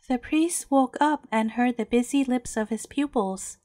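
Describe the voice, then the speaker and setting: Gentle woman reading a bedtime story. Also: a little high, a little slow, few pauses, no room sound, clean studio sound.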